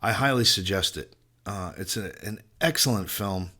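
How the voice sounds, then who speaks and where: A male podcast host with a bright, forceful voice tells a casual story. He rambles and swears freely, and his delivery stays lively and unscripted. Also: low-pitched, normal speed, husky. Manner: profane, rambling, animated storyteller.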